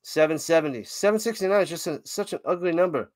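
A man doing casual live play-by-play of a tennis match as a streamer, excitable, humming and chanting between points. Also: high voice, fairly quick, few pauses, dry recording, studio quality, faint music behind.

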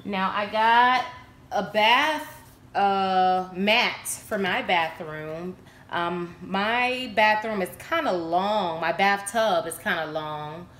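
Excitable chatty woman in an echoey room. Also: mid-range voice, slow pace. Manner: excitable and chatty, addressing viewers as y'all. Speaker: vlogger showing a shopping haul. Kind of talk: casual chat to camera. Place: room at home.

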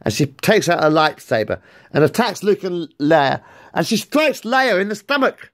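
A man with a gravelly voice tells a made-up story, rambling and excitable. His pitch swings widely as he gets caught up in it, and he swears freely. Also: moderate pace. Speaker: vlogger. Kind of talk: casual storytelling.

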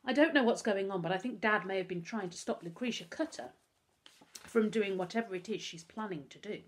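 A woman's voice: medium pitch, fairly quick, lightly acted. A woman voicing an anxious, determined boy who pleads urgently and breathlessly. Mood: worried.

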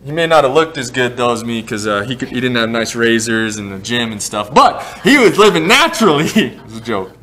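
A male pastor in his thirties preaching a sermon in a church, animated and quick to joke at his own expense. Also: mid-range voice. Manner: joking, animated, self-deprecating asides. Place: church sanctuary.

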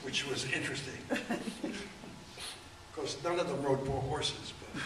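An author in his eighties, appearing as a guest at a book event, tells rambling anecdotes in a halting manner full of fillers, his voice mid-range. The event room is echoey, with a distant mic and faint room noise.

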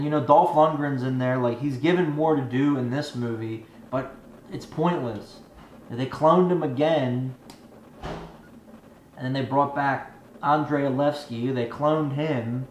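A man's voice: on the high side, slight background noise. A man giving a profane, rambling movie review rant, exasperated and swearing constantly. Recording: echoey room with faint ambience.

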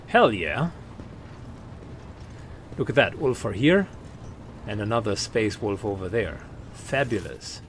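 A man's voice: lowish voice, sing-song, takes it slowly, pauses often, a little hiss or hum. A man hosting a let's play, musing casually about his game with many fillers. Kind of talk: gaming commentary.

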